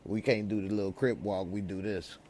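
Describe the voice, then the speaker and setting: A man's voice: fairly low pitch, steady tone, fairly quick, darkish tone, a little hiss or hum. A man casually chatting on a live-stream review, using laid-back slang. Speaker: TV show reviewer.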